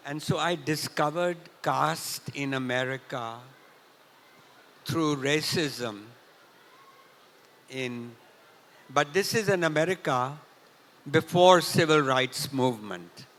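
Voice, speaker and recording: An older man from Punjab tells a story at a festival talk, often clearing his throat. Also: fairly high pitch, a bit bright. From India, Punjab. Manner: clears throat often, unhurried anecdotal retelling. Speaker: festival speaker. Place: large hall at a literature festival. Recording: reverberant hall.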